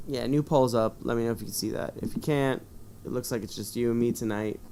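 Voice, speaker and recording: A man's voice: medium pitch, fairly even intonation, fast talker, vocal fry, warm tone, a little hiss or hum. A man streaming live, reading a choose-your-own-adventure book aloud with rambling, self-mocking asides.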